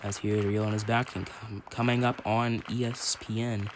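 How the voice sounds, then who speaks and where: A young man doing casual play-by-play commentary for an online hockey league on his phone, rambling and correcting himself, then shouting when someone scores. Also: lowish voice, moderate pace, background noise. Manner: rambling, self-correcting, bursts into excited shouts on goals.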